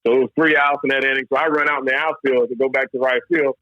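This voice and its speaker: Male podcast guest, casual storytelling, mid pitch, muffled lo-fi sound. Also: rapid-fire, no room sound. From Louisville, Kentucky, US. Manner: animated, repeats "man" and restarts often. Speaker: former pro baseball player, podcast guest. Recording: dull lo-fi dry sound.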